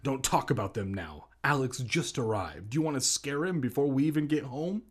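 A man reading the lines of an older uncle who is gruff and short-tempered. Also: medium pitch, expressive, normal speed, close to an everyday voice. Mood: curt. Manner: curt, snappish.

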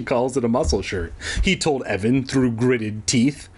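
A man's voice: mid-range voice, measured pace, darkish tone, husky. A man reading a children's book aloud as a comedy bit, putting on voices for the characters and breaking off into sarcastic, swearing asides. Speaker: podcast host reading a kids' book aloud. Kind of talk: comedic read-along with rambling asides.

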